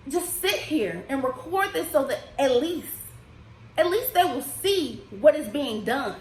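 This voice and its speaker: A woman's voice: high voice, big pitch swings, unhurried, darkish tone, echoey room. A woman from the United States speaking in an impassioned personal vlog, emotional and casual, her voice rising and falling with feeling. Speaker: vlogger. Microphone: desk microphone.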